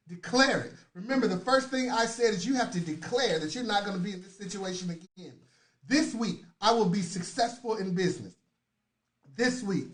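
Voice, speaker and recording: A man hosting a live motivational talk, leading affirmations and calling out viewers by name in an energetic, preachy way. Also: high voice. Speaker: motivational host. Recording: roomy echoey sound.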